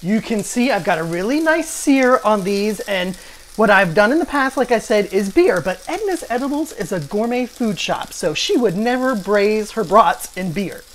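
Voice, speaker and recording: A high-pitched, slightly bright voice with lively intonation and a moderate pace belongs to a man in his late forties hosting a cooking video. Standing at his home stove, he chats eagerly and wanders off into asides, with a little background noise audible.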